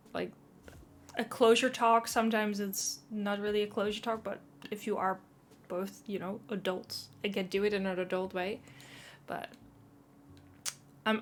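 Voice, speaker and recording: A woman's voice: medium pitch, a bit bright. A woman streaming live, chatting casually and self-consciously while reading chat.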